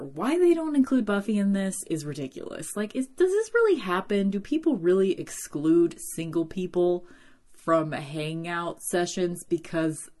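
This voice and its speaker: A woman talking casually as a podcast host, recapping a TV episode with lots of fillers and animated asides. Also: low-pitched.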